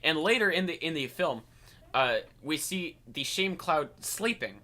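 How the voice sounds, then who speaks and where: A man's voice: on the high side, expressive, a little slow, bright, forceful tone. A man co-hosting a casual movie review chat, rambling and stumbling over his words. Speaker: podcast co-host.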